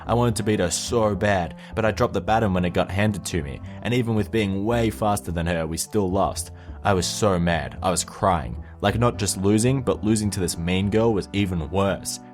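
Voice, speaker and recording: A man's voice: low voice, normal speed, faint music behind, natural voice. A man reading out a text message in the voice of a bubbly, oversharing young woman who rambles on breathlessly. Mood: chirpy. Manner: gushing, rambling, breathless chatter.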